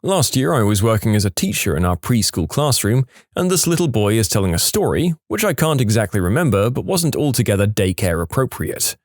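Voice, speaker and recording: A man narrating funny reddit stories in an expressive, storytelling way. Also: fairly low pitch, fairly quick, no room sound, clean studio sound.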